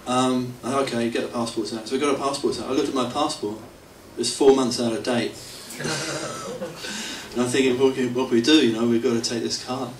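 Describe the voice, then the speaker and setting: A middle-aged man talks fast with few pauses, his mid-range voice fairly even in intonation. As a devotee at a temple anniversary, he tells anecdotes to the audience in a rambling, self-mocking way, chuckling often. The temple hall recording is roomy and slightly hissy, taken from a distant mic.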